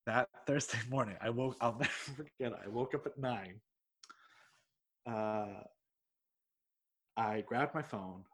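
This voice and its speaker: A man who teaches English telling a personal story in a rambling, excitable way, swearing freely and laughing mid-sentence. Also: mid-range voice, slow pace, pauses often, husky. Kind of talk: casual anecdote telling.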